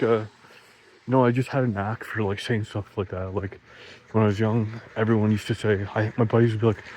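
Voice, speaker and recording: Rambling low-voiced man telling bar stories. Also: a little mellow, slight background noise, rough recording. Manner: rambling, heavy on "like" and restarts, laughs at own jokes; swearing freely, voice jumps up when quoting himself. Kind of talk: casual storytelling monologue.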